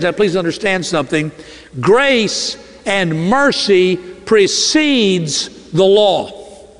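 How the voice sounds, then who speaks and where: Earnest preaching man in a reverberant hall. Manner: earnest preaching, slows and drops low on key phrases. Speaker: pastor. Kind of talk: sermon.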